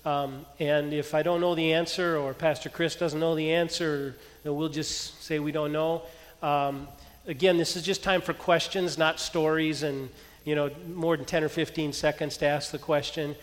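A man preaching a sermon as pastor, telling a story with lively energy and quieting into soft prayer. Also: on the high side, moderate pace. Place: church hall. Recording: long hall reverb.

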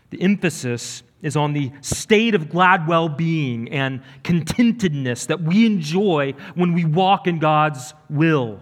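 A man's voice: a little high, lively intonation, slow pace, hardly any pauses. A man preaching a sermon as pastor, earnest and emphatic, building and dropping his delivery. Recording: reverberant church hall.

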